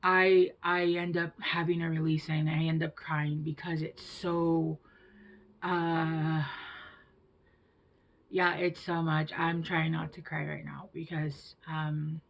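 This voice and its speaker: A woman giving a tarot reading to her viewers, gentle and reassuring, with hushed whispered asides. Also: low voice, level tone, slow, vocal fry, rough recording. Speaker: tarot reader.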